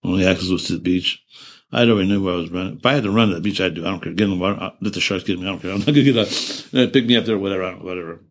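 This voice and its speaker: A man in his seventies being interviewed, recalling events in a halting way with many restarts and self-corrections, earnest and emotional. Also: low-pitched. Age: 70s. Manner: earnest and emotional while recounting. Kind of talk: oral-history interview recollection.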